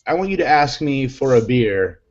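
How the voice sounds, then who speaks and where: Man hosting a casual group chat, playful, upbeat, mid pitch, dull lo-fi audio. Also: big pitch swings, darkish tone. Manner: upbeat, playful, quick to laugh. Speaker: show host.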